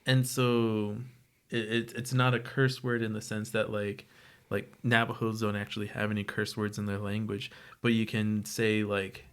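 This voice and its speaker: A podcast co-host from New Mexico speaks in a fairly low voice. He talks in a careful, explanatory way and stops to add clarifications. The tone is easygoing and conversational. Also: level tone, normal speed, clean tone. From New Mexico, USA. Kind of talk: casual chat.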